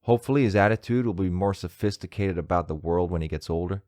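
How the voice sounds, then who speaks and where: A man's voice: low voice, quick pace, darkish tone, no echo, studio quality, natural voice. A man with a northern English accent reading out a brash, snippy American reviewer in a put-on American accent, mockingly exaggerated.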